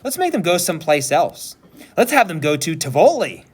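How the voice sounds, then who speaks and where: A man's voice: fairly high pitch, sing-song, moderate pace, slightly rough, pitched above the performer's own voice. A man doing a patient, kindly young girl. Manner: gently persuasive, patient. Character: friendly, practical young girl, about ten. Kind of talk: read-aloud storytelling.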